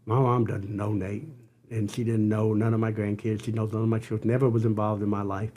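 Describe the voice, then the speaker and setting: An older man, a podcast guest, telling an earnest personal story with halting restarts. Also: on the low side, level tone, dark tone. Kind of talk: storytelling interview.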